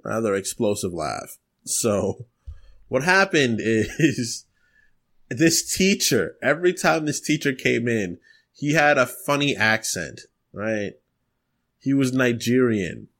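A young man co-hosting a casual podcast, his voice sitting at an ordinary middle pitch. He tells stories loosely and keeps bursting into loud, explosive laughter. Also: big pitch swings, slow pace. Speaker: podcast co-host. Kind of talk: casual chat.

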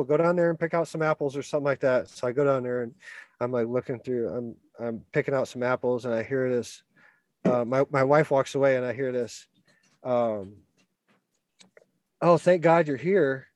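A man's voice: medium pitch, moderate pace, darkish tone, no echo. A man telling a long personal story in a casual, rambling way, repeating words and laughing at himself. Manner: laughs through his own story.

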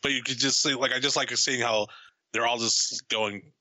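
A man's voice: mid-range voice, steady tone, normal speed, pushed and bright, no echo, rough recording. A man in a casual film discussion who rambles, swears a lot and acts out lines from the movie.

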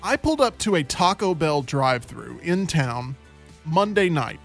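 Fairly high-voiced guy hosting, animated storyteller, soft music behind. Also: normal speed, gravelly. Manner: animated storyteller who acts out quotes. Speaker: host. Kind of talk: casual chat.

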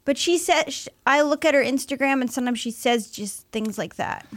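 Chatty high-voiced woman. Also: no echo, clean studio sound. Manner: chatty, quick to agree, jokey asides. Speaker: comedian guest. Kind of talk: casual comedy podcast banter.

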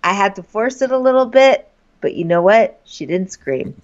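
A woman's voice: medium pitch, very animated, moderate pace. Female podcast co-host, wry dry humor, slightly dull lo-fi sound. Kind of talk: comedic recap chat.

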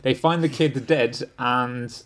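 A man's voice: mid-range voice, slow, a bit bright. A man in casual film chat, animatedly retelling his reactions and laughing often. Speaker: film podcast co-host.

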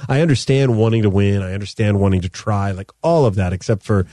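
A man's voice: fairly low pitch, quick pace, warm tone, dry recording. A man in his thirties hosting a podcast, telling long rambling stories in casual chat. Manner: rambling storyteller, acts out his sons' voices. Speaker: podcast host.

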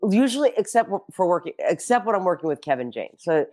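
Talking fast in a low-leaning voice, a brash middle-aged woman chats casually as a guest. She tells stories with gusto, acting out what people said, cursing, and building to punchlines.

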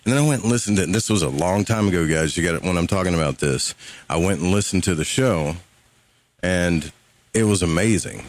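Southern US male radio host, very deep, relaxed and rambling, swears casually. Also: brisk. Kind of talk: casual live radio talk.

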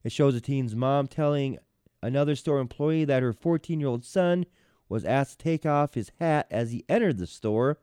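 A man's voice: medium pitch, lively intonation, moderate pace, warm tone, clean tone, dry recording, clean studio sound. A man hosting a casual podcast, reading news stories and commenting on them in a hesitant, rambling way. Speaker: podcast host.

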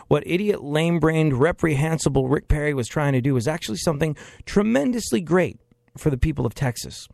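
A man's voice: on the high side, gravelly, darkish tone, no echo. A man giving sarcastic political commentary, emphatic and repeating phrases for effect.

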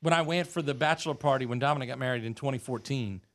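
A man's voice: mid-range voice, quick pace. A man in his forties from the United States, telling a story in casual chat and acting out the voices in it. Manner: animated storyteller who acts out quoted voices.

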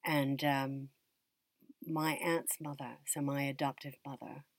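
A woman from the United States, an actress and teacher, telling a personal story in an interview in a reflective, unhurried way that often trails off and restarts. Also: a bass voice, level tone, no room sound.

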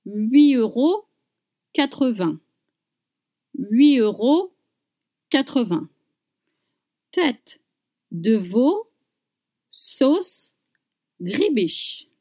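A woman teaching pronunciation, saying each word slowly and clearly and repeating it for learners. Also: fairly high pitch, sing-song, mellow. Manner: slow, deliberate, repeats words for learners. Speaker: French teacher. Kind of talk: slow pronunciation lesson.

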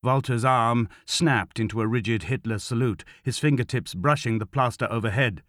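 Steady and measured, a man with a mid-range voice narrates a scripted audiobook in a dry recording with clean studio sound.

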